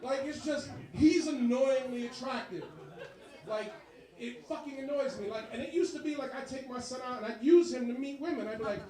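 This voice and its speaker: High-voiced profane comedian. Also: male voice, reverberant, distant mic, a crowd in the background, poor audio. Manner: profane, animated, quickly switching voices. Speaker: stand-up comedian. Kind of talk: stand-up set. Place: bar comedy show.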